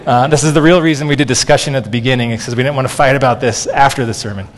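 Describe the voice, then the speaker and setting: Pastor preaching in a reverberant hall. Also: male voice, medium pitch, rapid-fire. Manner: conversational, frequent "okay" and restarts. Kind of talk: sermon.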